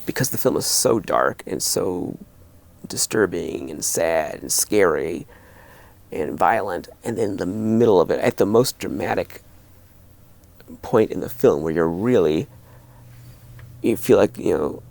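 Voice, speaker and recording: A middle-aged man hosting a horror video, talking casually to camera in a rambling, animated way with lots of restarts. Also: sits low, measured pace, gravelly.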